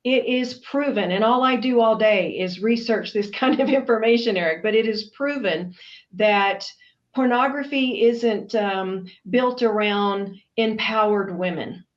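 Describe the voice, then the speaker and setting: A woman's voice: medium pitch, measured pace, highs cut off. A middle-aged woman from Texas, speaking earnestly and emphatically as an interview guest. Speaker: guest, anti-trafficking advocate.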